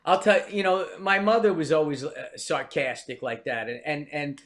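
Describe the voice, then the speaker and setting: Veteran comic guest, older man from New Jersey, high and bright. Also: steady tone, normal speed. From New Jersey, US East Coast. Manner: wry, rambling storyteller. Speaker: comedian guest. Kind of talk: storytelling in a podcast interview.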